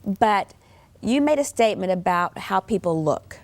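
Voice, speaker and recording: A woman hosting an interview, soft-spoken, answering her guest with steady murmurs of agreement and quiet amens. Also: medium pitch, normal speed. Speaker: host.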